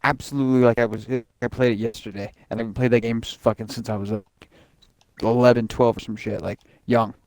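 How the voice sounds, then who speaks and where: Young dude yapping hype about games, swears constantly, does little voices, dry close mic. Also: male voice, medium pitch, brisk, no echo. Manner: excitable, swears a lot, acts out game scenes in voices. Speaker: podcast host. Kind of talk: casual chat.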